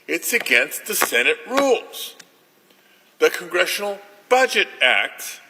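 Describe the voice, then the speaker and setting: A man senator making a deliberate, indignant floor speech. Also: a little high, bright, forceful tone. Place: large legislative chamber. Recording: echoey legislative chamber.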